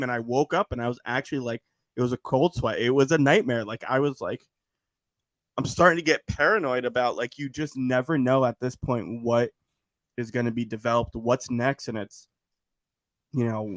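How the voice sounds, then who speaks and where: A man talking casually as a podcast guest, animated and rambling with lots of restarts. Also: mid-range voice, normal speed, no room sound. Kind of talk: casual chat.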